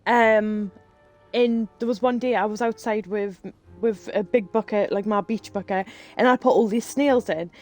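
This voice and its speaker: A woman's voice: medium pitch, fairly even intonation, normal speed, a little mellow, soft background music. A woman streaming live, telling rambling stories in casual chat while she plays a game and swearing freely. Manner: chatty, rambling storyteller who swears freely.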